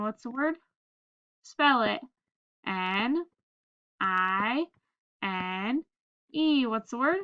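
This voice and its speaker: A woman's voice: on the high side, dry recording, muffled recording. A woman teacher giving a phonics lesson, patiently spelling words letter by letter and prompting the class to read along. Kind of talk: phonics lesson, reading aloud slowly.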